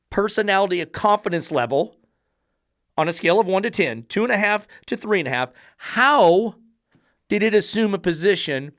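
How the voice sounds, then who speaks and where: A man's voice: sits high, a bit bright, no echo, studio quality. A man who trains dogs, giving an instructional monologue in a blunt, profane, emphatic style full of rhetorical questions. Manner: rhetorical, lecturing. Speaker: dog trainer.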